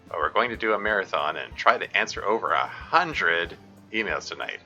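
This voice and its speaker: Deep-voiced man rambling on a stream. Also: sharp tone, lo-fi sound. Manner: rambling, halting, full of restarts. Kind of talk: live game stream with chat.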